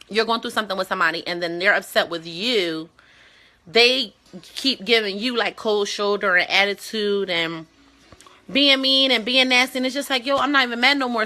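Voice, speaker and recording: A woman co-hosting a talk show, chatting casually in a blunt, profane and animated way. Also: medium pitch. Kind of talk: casual chat.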